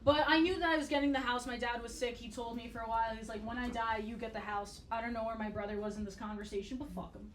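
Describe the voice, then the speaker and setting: A woman doing a stand-up comedy set with a dry, blunt, profane deadpan delivery. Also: fairly high pitch, rapid-fire, hardly any pauses, a little hiss or hum. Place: comedy club stage. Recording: roomy club sound from far off. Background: audience laughter.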